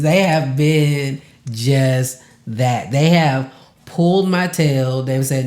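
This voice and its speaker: A man's voice: mid-range voice, drawn-out words, darkish tone, roomy sound. A man hosting a podcast, speaking from the heart, casual and emotional, near tears and laughing through it, repeating words for emphasis. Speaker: podcast host.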